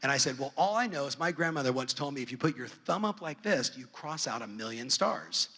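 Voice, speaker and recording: A middle-aged man speaking on a conference stage, telling a family story with lively acted-out dialogue. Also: mid-range voice, fairly quick. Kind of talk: storytelling keynote. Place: large conference hall. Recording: long hall reverb.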